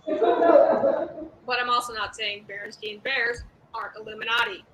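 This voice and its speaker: A woman's voice: on the high side, a little slow, very noisy. A young woman stand-up comedian doing a live-streamed set, talking in a sarcastic, rambling, conversational way.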